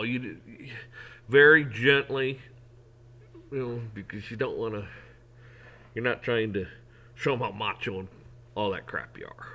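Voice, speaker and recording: A man's voice: medium pitch, bright, forceful tone. A middle-aged man talking in a casual, folksy way, rambling through an opinion monologue with frequent restarts. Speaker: vlogger.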